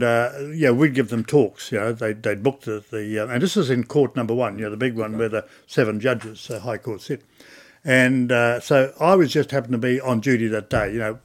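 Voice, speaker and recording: An older Australian man telling stories in an oral history interview, chatty and animated, acting out old conversations. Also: mid-range voice. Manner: chatty storyteller, acts out dialogue.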